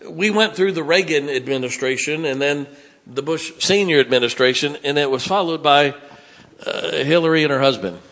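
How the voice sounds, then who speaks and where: Bright-voiced folksy preacher man. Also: fairly high pitch, normal speed. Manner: folksy, joking and blunt. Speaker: pastor. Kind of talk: sermon.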